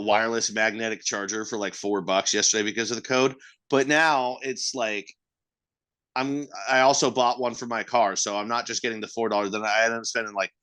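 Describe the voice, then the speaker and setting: A man's voice: on the low side, fairly bright tone. Rambling, swearing podcast co-host man. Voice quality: rambling, profane, self-mocking. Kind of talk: casual podcast chat.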